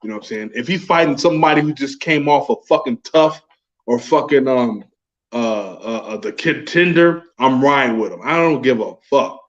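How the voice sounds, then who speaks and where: A man's voice: medium pitch, lively intonation, moderate pace, fairly bright tone. Slangy man with a dull, lo-fi sound. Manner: slangy and profane, says bro and homie. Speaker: podcast co-host. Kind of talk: casual sports chat.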